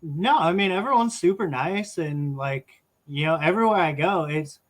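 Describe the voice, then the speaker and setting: A man's voice: fairly high pitch, lively intonation, moderate pace. Loose-talking man from Washington State. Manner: loose, swears freely and tells stories with laughs. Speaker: guest. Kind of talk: casual chat.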